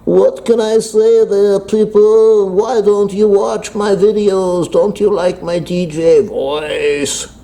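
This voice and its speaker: A man's voice: high voice, steady tone, slow, vocal fry, few pauses, dark tone, voice pushed up, full character voice, rough recording. A man putting on a choked, brash radio DJ voice. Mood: pleading showy. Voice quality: strained, choked-sounding.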